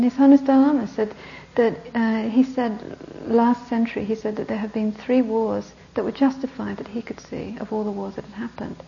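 A woman Buddhist teacher telling a story in an animated way, at times sinking to a hushed whisper. Her voice sits slightly high. The recording is dull and muffled, with faint ambience underneath. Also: vocal fry, a little hiss or hum. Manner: animated, dropping to soft whispers for emphasis. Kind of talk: Dharma talk storytelling.

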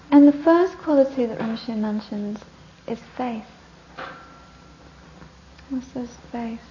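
Gravelly woman teaching with stories. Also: a little high. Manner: lively storytelling, dropping into whispers. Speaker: Buddhist teacher. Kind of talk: dharma talk with storytelling. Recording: dull lo-fi recording with faint hiss.

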